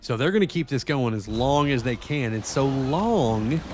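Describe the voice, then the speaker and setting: A man's voice: mid-range voice, normal speed, slight background noise. A man streaming a game and chatting casually, swearing freely and ranting with animation. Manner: profane, animated rant.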